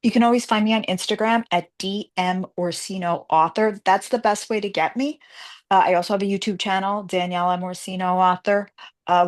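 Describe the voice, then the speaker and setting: A woman guest author in a casual interview, telling stories animatedly and acting out the voices of the people she quotes. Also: on the low side.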